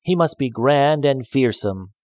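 A man's voice: mid-range voice, animated, measured pace, a little mellow, no room sound, studio quality, voice pushed up, close to an everyday voice. A man doing whiny little storybook frogs. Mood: insistent. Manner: whiny, pleading, petulant. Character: chorus of small fussy discontented frogs.

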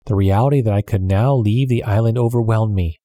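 A man reads an adventure chapter aloud at a steady, measured pace. His voice is mellow and dark, and the close microphone gives a dry sound with no room around it. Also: fairly low pitch, no room sound. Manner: measured, even storytelling. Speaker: narrator. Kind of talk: scripted audiobook narration.

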